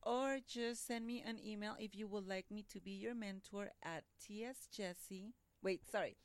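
A woman's voice: mid-range voice, moderate pace, clear, resonant tone, no echo. A woman on a podcast as a guest and mentor, chatting casually in a bold, playful way. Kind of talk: casual chat.

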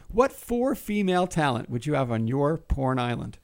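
A man's voice: a little high, sing-song, normal speed, gravelly. A man hosting a casual talk show, spinning profane, playful hypothetical stories. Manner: profane, playful storytelling, acts out scenarios. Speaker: podcast host. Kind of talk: casual chat.

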